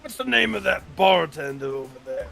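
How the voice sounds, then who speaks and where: A man's voice: sits high, big pitch swings, brisk, gravelly, pushed and bright, soft background music, exaggerated voice. A man reading the lines of an overconfident, nervous young male bar patron in a visual novel. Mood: cocky.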